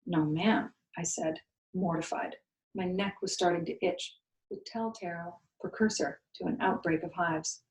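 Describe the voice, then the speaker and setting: Woman reading a storybook aloud, expressive. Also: fairly low pitch, moderate pace, reverberant, poor audio. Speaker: school co-founder reading a novel aloud. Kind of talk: storybook read-aloud narration.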